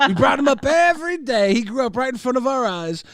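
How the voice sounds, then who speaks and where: A man hosting a live show, brash and provocative, ranting in loud comedic banter. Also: very high-pitched, big pitch swings, brisk, no room sound, studio quality. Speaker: host.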